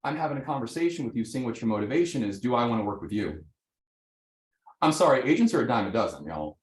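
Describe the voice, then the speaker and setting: Man, real estate trainer, live seminar, animated, checks in with the room, roomy echo. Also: mid-range voice, fast. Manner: animated, keeps checking in with "right?", acts out sample dialogues.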